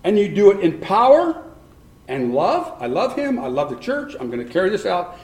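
A man's voice: high voice, huge pitch swings, moderate pace, darkish tone. A man preaching a sermon who keeps questioning his congregation and repeats points for emphasis. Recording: echoey room.

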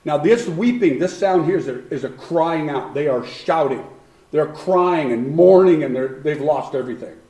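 Guy preaching, fairly high voice, chatty, room echo all over. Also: expressive, moderate pace, warm tone. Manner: conversational preaching, acts out voices with laughs. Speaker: pastor. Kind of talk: sermon. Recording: roomy echo.

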